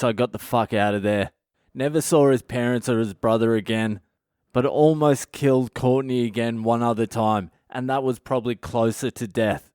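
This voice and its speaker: A man, a comedian hosting his own podcast, telling a profane, animated story from his past. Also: medium pitch, clear, resonant tone, dry recording, studio quality. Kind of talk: storytelling monologue.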